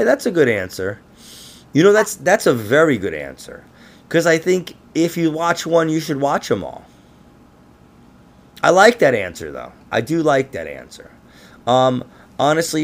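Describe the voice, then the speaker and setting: Gravelly rambling New man. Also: mid-range voice. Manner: rambling, laughing, swearing. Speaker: podcast host. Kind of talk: casual conspiracy podcast chat.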